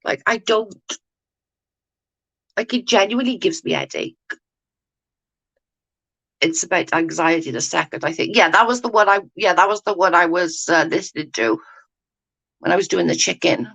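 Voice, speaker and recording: A woman's voice: lowish voice, moderate pace, gravelly, pauses often, fairly bright tone, low-quality recording. Woman ranting on a casual stream, swears a lot, says like constantly. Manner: blunt and sweary, ranting, many "like" fillers. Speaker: livestream host chatting with viewers. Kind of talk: casual chat.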